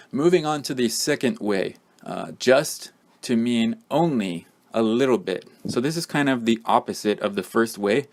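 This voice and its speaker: A man teaching English in a patient, explanatory way, repeating examples and using frequent ums. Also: lowish voice. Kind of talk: explanatory lesson.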